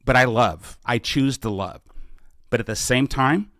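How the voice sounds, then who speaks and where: Hosting a live question-and-answer podcast, a middle-aged political candidate speaks earnestly with a medium pitch, a little slowly and a bit brightly. He frequently restarts his sentences amid casual campaign talk, captured in clean, dry studio sound.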